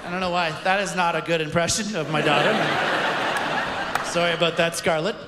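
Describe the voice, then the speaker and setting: A man's voice: a little high, fairly even intonation, fairly quick. A man performing a wry, punchy stand-up set, chuckling through his punchlines on stage at a live taping. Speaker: stand-up comedian. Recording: echoey venue with crowd noise. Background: audience laughter and ambience.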